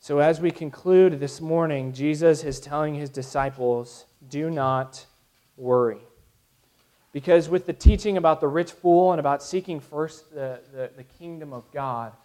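A man's voice: fairly high pitch, moderate pace, few pauses. A man in his thirties preaching a sermon to his congregation, earnest, with frequent restarts. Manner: earnest, with restarts and soft laughs. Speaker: pastor.

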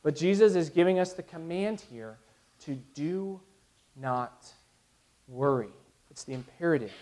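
A man's voice: a little high, expressive, measured pace. A man in his thirties preaching a sermon to his congregation, earnest, with frequent restarts. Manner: earnest, with restarts and soft laughs. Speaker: pastor.

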